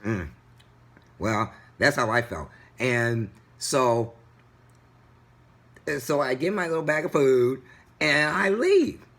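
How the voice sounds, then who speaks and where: Indignant husky man telling a story. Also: mid-range voice, takes it slowly, long pauses. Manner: animated, indignant retelling. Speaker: vlogger. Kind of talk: casual storytelling vlog.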